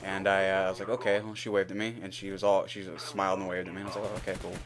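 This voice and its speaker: Rambling young man, low voice. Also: little pitch movement, rapid-fire. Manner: rambling, candid, swears freely, acts out both sides of a conversation. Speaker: gaming video host. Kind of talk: casual gameplay commentary storytelling.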